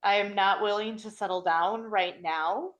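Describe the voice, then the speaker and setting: A woman's voice: medium pitch, unhurried, fairly bright tone, lo-fi sound. A young woman hosting a podcast and chatting casually, playful and teasing, laughing often. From Wisconsin. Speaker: podcast host. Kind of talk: casual chat.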